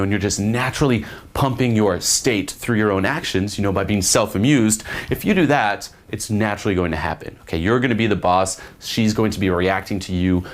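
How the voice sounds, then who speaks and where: A man giving blunt, profane dating advice to camera, full of fillers and acted-out example lines. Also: fairly low pitch. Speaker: dating coach. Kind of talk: instructional talk to camera.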